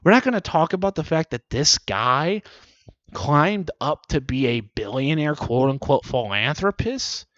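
A man's voice: a little high, animated, measured pace, fairly bright tone, no echo. A man delivering a profane comedic rant with mocking asides, swearing often. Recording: dull lo-fi dry recording.

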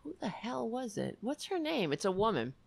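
A woman's voice: a little high, sing-song, moderate pace, vocal fry. A woman hosting a livestream, reading news articles aloud and commenting on them with sarcastic, profane remarks. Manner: sarcastic and profane, with frequent self-interruptions. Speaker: livestream host.

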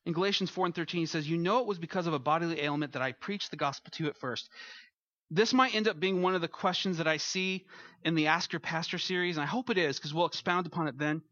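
A male pastor with a high, bright voice delivers a casual, story-driven sermon and slips into playful quoted voices. The sound is dry and close, a little dull in the highs. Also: quick pace, no room sound. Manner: conversational preaching, acts out quotes.

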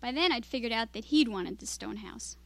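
A woman writer reading her own fiction aloud at a literary evening, in steady, measured storytelling. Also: a little high, vocal fry.

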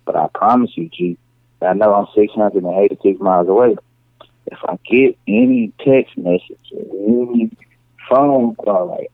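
A man's voice: fairly low pitch, normal speed, dry recording. A man calling into a casual podcast from far away, laid-back and slangy. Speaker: remote podcast guest. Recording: dry, tinny phone-like line.

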